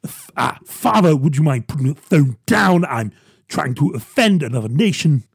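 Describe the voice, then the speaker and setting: Guy doing a bumbling posh old politician, low voice, all uhs and ahs, dry close sound. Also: lively intonation, creaky, breathy edge, no echo, exaggerated voice. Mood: dithering. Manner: stammering with constant drawn-out ums and ahs. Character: bumbling posh older male politician, dithering.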